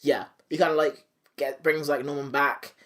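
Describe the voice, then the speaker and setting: A man's voice: on the high side, fairly even intonation, normal speed, a bit bright. A man hosting a podcast, casually recapping a cartoon episode with silly voices and swearing. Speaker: podcast host.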